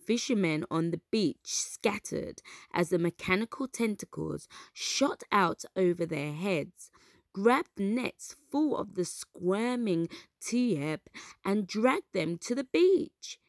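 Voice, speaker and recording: Woman reading a kids story, slow and gentle, lots of ups and downs, dry close mic. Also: mid-range voice, dry recording. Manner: gentle, expressive and unhurried. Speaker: children's storyteller. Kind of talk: reading a storybook aloud to children.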